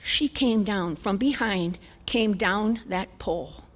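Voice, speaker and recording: A woman's voice: mid-range voice, slow pace. An older woman, speaking at a church conference and telling a funny story, acting out the voices with sudden jumps up and down to whispers. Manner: animated, acts out dialogue with voice jumps and whispers. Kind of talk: humorous storytelling talk. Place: church sanctuary. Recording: long church hall reverb.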